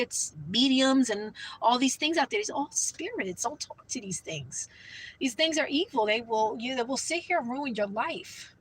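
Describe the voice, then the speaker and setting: A woman's voice: a little high, a bit bright, slight background noise, low-quality recording. A woman speaking fervently about faith and spirits, warning listeners with many "you know" fillers. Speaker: Christian vlogger. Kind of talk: earnest religious talk.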